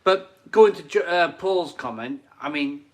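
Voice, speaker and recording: A middle-aged man chats casually on a live stream from his home kitchen, his voice a little high with a lively, unhurried intonation. He's enthusiastic and rambling, repeating his phrases as he reads out viewer comments.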